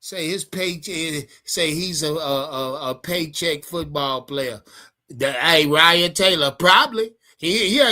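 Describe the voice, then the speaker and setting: Speaking slowly in a slightly high, pushed and bright voice, a sports fan streamer goes on a heated, profane rant to his livestream chat about his football team, repeating himself along the way.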